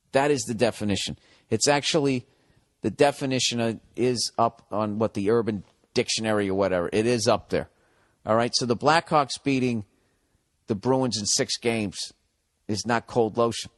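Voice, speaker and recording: Guy on a podcast going off on a rant, swearing constantly, fairly low voice, dry close mic. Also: no echo. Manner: profane, animated, goes off on tangents. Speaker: podcast host. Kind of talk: casual comedic rant.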